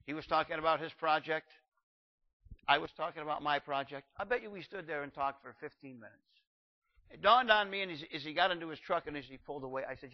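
Animated older male preacher, lo-fi sound. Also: on the high side. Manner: animated, shouts acted quotes, reads scripture slowly. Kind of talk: sermon.

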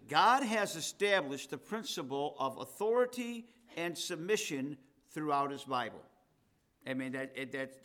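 A man's voice: fairly high pitch, a bit bright. Man preaching a conversational sermon. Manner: conversational preaching, reads scripture with rising emphasis. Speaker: pastor.

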